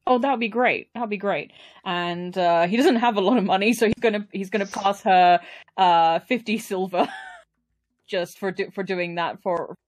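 A woman's voice: medium pitch, moderate pace, dry recording. Hesitant woman player with a dry sound. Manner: hesitant, repeats words, laughs often. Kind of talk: casual tabletop game chat.

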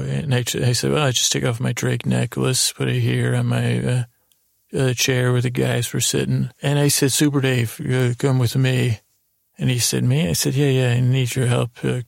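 A man's voice: mid-range voice, creaky, no room sound, clean studio sound. A man telling a rambling, improvised sleep story, meandering and hesitant, with many restarts. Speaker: podcast host.

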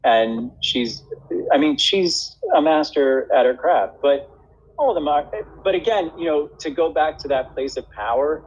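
A man's voice: on the high side, big pitch swings, a little slow, highs cut off. A man, an actor and acting teacher, telling a story in a casual interview, with many restarts and frequent laughs.

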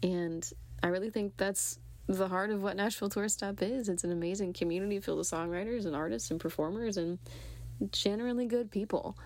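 A woman's voice: mid-range voice, fairly quick, a little mellow. A woman singer-songwriter giving cheerful, friendly congratulations in a recorded message.

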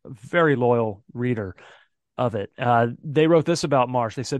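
A man's voice: medium pitch, a little slow, no room sound, clean studio sound. A man co-hosting a casual football podcast, thinking aloud with lots of fillers and restarts. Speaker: podcast co-host.

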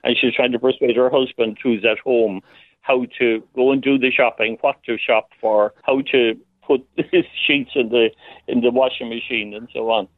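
Playwright guest over a phone line, dry sound, hesitant and reflective, mid-pitched man. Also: steady tone, normal speed, no echo. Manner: thoughtful, hesitant, laughs often. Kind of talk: phone interview.

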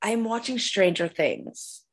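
A woman's voice: mid-range voice, expressive, slow, slightly rough. A middle-aged woman co-hosting a podcast, chatting casually in an easygoing, agreeable way. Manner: easygoing, agreeable, short replies. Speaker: podcast co-host. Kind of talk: casual chat.

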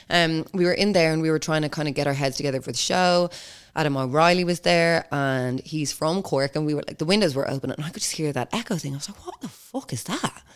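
A young woman with a Dublin accent, hosting a casual podcast. She rambles and swears as she tells stories. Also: low voice. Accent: Dublin Irish. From Ireland. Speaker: podcast host.

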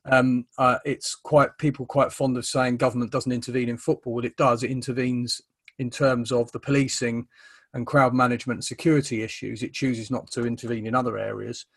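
A man hosting an interview, talking thoughtfully with many ums and stammered restarts. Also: mid-range voice. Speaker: interviewer, host. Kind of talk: conversational interview.

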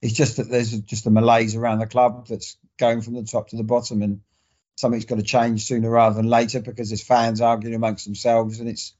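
A man chatting casually as a podcast co-host. He wanders through his thoughts, restarting sentences often. His voice has a middling pitch, and the recording sounds slightly dull. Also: level tone, fairly quick, mellow. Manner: rambling, many fillers and restarts. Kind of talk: casual sports chat.

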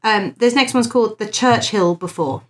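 A woman's voice: mid-range voice, moderate pace. A woman, co-hosting a casual podcast, reading old ghost stories aloud with dramatic emphasis and chatting between them. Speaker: podcast co-host.

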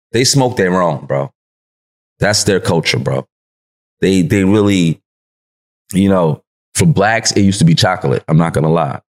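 Deep-voiced New York man, laid-back slang. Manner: slangy and laid-back, laughs often, acts out quotes. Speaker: podcast guest. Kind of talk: casual interview storytelling.

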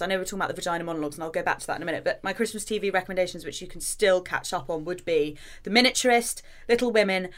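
A woman's voice: mid-range voice, fairly bright tone. A woman co-hosting a podcast, chatting casually and reading excerpts aloud with enthusiasm. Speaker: podcast co-host. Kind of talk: casual chat.

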